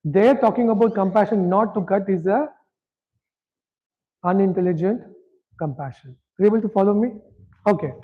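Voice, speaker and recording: A man leads a scripture lesson in a relaxed, conversational way. His voice sits fairly high, and he keeps checking whether listeners are following. The recording is dull and lo-fi. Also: normal speed, pauses often. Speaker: scripture class teacher. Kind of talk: interactive lecture.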